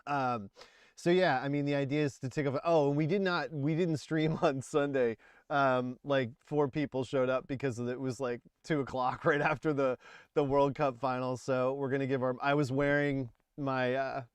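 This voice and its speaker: A man's voice: medium pitch, fairly even intonation, normal speed, clear, resonant tone, no room sound. A man in his forties hosting a casual livestream, rambling and laughing as he talks about music. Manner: rambling, chatty, laughs often. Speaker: livestream host.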